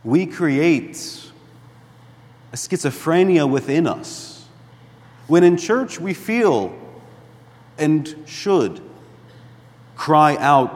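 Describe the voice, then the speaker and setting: A man preaching a sermon as a priest in a church, deliberate and emphatic, dropping to a hush at times. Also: a little high, expressive, in a large hall. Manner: slow, deliberate preaching with emphatic rises and hushed drops.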